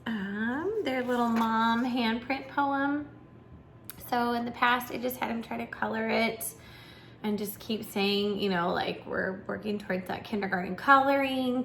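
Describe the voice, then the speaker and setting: A woman's voice: on the high side, vocal fry, fairly bright tone, slight background noise. A young woman, a preschool teacher, chatting casually and encouragingly to parents with lots of fillers.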